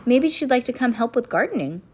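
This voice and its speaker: Brief: a woman putting on an excitable lady judge from a storybook, gushing and high, slightly husky. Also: a little fast. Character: eager stage-struck older woman judge.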